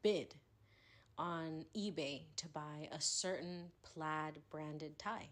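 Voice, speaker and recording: A young woman hosting a podcast, telling animated stories in casual chat with laughter. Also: deep voice, slow pace. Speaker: podcast host. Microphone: podcast microphone.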